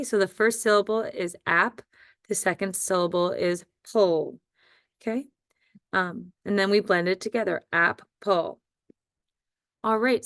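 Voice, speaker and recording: A woman's voice: mid-range voice, dry recording, studio quality. A woman teaching a recorded phonics lesson to first graders, patient and repeating words with frequent ums and okays.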